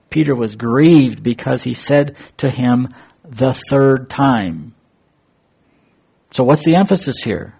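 A man with a husky, slightly breathy voice works slowly through a Bible passage. He takes his time, halts on fillers and puts rhetorical questions to his listeners, in the measured manner of a verse-by-verse teacher. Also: mid-range voice, lively intonation, darkish tone. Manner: thoughtful, halting, with pauses and fillers.

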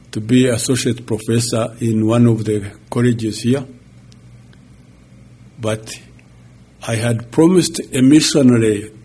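Slow-talking man, husky, mellow. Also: medium pitch. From Uganda. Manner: slow, halting storytelling with chuckles. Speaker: pastor. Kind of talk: personal testimony talk.

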